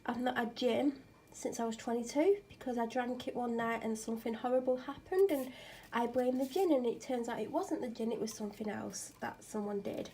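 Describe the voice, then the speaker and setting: A woman's voice: on the high side, brisk, dark tone, slight background noise. Chatty, tired woman vlogging at home. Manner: chatty, rambling, self-mocking. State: ill and tired. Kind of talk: casual chat. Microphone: clip-on microphone.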